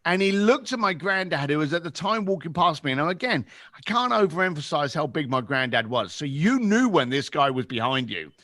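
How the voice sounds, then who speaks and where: A London-accented man in his fifties tells a story with great animation and slips into other people's voices. His voice is bright and swings widely in pitch. It is recorded dry and close. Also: brisk, no echo. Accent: London English. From England. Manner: lively, acts out voices in anecdotes. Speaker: podcast guest.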